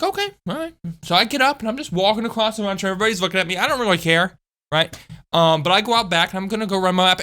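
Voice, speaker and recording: A woman telling a story from school in a chatty, animated way, with frequent asides to her viewers. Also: fairly low pitch. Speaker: channel host. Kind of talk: storytime vlog.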